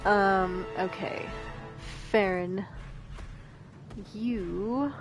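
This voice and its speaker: A woman's voice: medium pitch, drawn-out words, soft background music. A woman streaming a video game, chatting casually, laughing often and reading lines aloud. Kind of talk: casual gameplay commentary.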